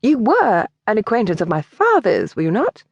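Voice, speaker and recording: A woman's voice: mid-range voice, huge pitch swings, moderate pace, husky, no echo, highs cut off, voice pushed up, full character voice. Woman voicing a prim, bookish young woman. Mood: brisk.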